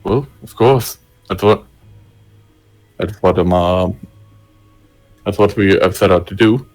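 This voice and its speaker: A man speaking in character in a tabletop game, halting and formal. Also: low voice, a little mellow, faint music behind. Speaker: player.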